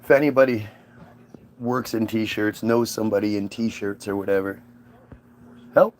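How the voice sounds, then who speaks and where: A man's voice: on the low side, unhurried, slight background noise. A man hosting his own livestream, musing aloud in a casual, rambling and sarcastic way from home. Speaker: livestream host.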